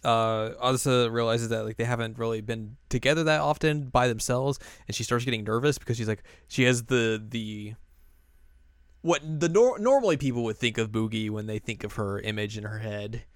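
A man casually recapping an anime episode, acting out the characters' lines in livelier, higher voices. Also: normal speed, clear, resonant tone, dry recording, studio quality. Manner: animated retelling, acts out characters' lines in raised voices. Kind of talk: casual chat.

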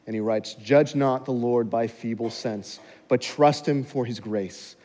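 A male pastor preaching a sermon, swinging from hushed intensity to loud, high exhortation, on a clip-on mic in a church. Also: measured pace. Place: church sanctuary. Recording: long hall reverb.

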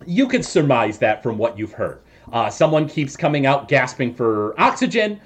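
A man's voice: medium pitch, big pitch swings, moderate pace, a little hiss or hum. A man narrating as game master of a tabletop game, hesitant with many fillers and jokes.

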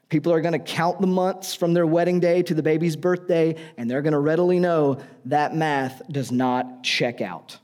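A man's voice: fairly high pitch, darkish tone. A man preaching a sermon in a conversational, joking way, often asking the audience questions.

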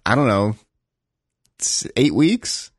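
A man's voice: mid-range voice, sing-song, takes it slowly, dry recording, clean studio sound. A man co-hosting a podcast, chatting casually and reacting to his friend's story with short replies and laughs. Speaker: podcast co-host. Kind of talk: casual chat.

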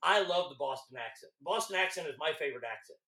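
Loud, high-voiced Texan man. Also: expressive, fast talker, reverberant. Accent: Texas. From Texas. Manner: loud, profane, stammering restarts. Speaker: radio host guest. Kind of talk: casual podcast chat.

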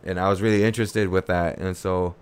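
A man's voice: low-pitched, steady tone, fairly quick, clear, resonant tone. A man telling a long casual story, full of fillers like "uh" and "like" and plenty of slang. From California. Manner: rambling, heavy filler words and slang.

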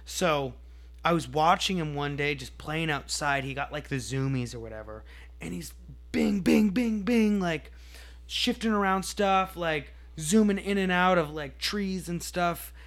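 A man's voice: on the high side, normal speed, fairly bright tone. A man co-hosting a podcast in casual chat, playful and rambling, joking with his co-host.

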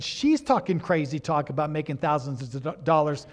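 A middle-aged man preaching a sermon, mixing plain exhortation with a personal story told in a relaxed, conversational way. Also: a little high, moderate pace, few pauses. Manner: rises to emphatic exhortation. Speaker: pastor.

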